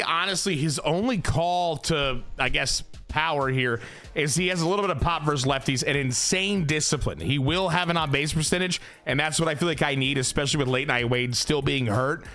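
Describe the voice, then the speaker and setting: A man commentating on his own run through a baseball video game's franchise mode, excitable and exasperated and swearing freely. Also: a little high, gravelly. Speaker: gaming YouTuber.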